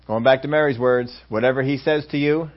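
A man preaching a sermon as pastor, acting out little scenes and swinging between loud exclamations and hushed asides. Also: medium pitch, steady tone, brisk. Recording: dull lo-fi sermon recording.

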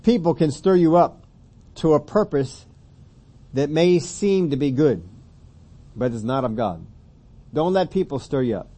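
Male preacher, slightly high, mellow tone, chatty sermon with emphatic readings. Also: lively intonation, unhurried, long pauses. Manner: conversational, rising to emphatic scripture reading.

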